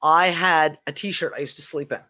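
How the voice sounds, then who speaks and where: A woman's voice: deep voice, moderate pace. A woman telling a funny story in casual chat, acting out quotes and swearing. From Canada. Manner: animated storyteller, does voices, swears. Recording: dull lo-fi audio.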